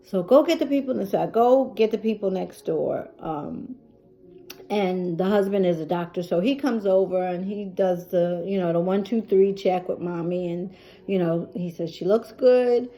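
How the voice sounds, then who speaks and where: A woman's voice: fairly low pitch, fairly even intonation, normal speed, dark tone, soft background music. A middle-aged woman vlogging about caring for a family member, telling the story in an emotional, chatty way with many fillers. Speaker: caregiver vlogger. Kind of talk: personal storytelling.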